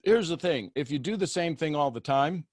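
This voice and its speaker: Male coaching host, higher-pitched, animated, acts out voices, dry close recording. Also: moderate pace, no echo. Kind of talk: coaching call with participants.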